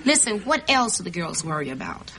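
A sassy friend who calls everyone honey. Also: female voice, fairly low pitch, sing-song, a little fast. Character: sassy, breezy grown-up friend. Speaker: family friend giving advice. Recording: sitcom audio with loud hiss.

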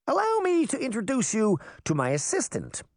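A man's voice: very high voice, wildly swooping pitch, moderate pace, no room sound, clean studio sound, pitched above the performer's own voice, heavily acted. A man voicing a brash, teasing boy fairy in an audiobook. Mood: cocky. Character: cocky mischievous boy fairy. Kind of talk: audiobook character voice.

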